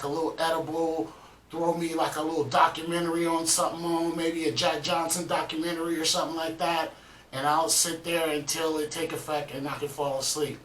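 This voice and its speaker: A man's voice: on the high side, fairly bright tone, reverberant, recorded from a distance, a little hiss or hum, poor audio. A man casually chatting as host of a reaction video, laid-back and rambling with lots of "um" and "man". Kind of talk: casual chat.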